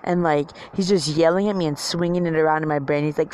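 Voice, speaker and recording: Talking to camera in a casual rant, this woman vlogger rambles with lots of fillers, frequent profanity, and self-mockery. Her smooth, low voice has fairly even intonation, and she goes a little fast with hardly any pauses.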